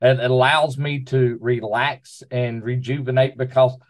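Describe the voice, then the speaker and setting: A man with a Southern US accent, a pastor guesting on a podcast, speaking in a relaxed, halting way. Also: mid-range voice. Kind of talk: casual chat.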